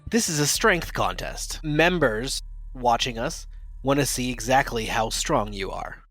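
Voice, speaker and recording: A man voicing a calm, businesslike male fixer who leads a cult audience, in his own everyday voice. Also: mid-range voice, unhurried, no echo, soft background music.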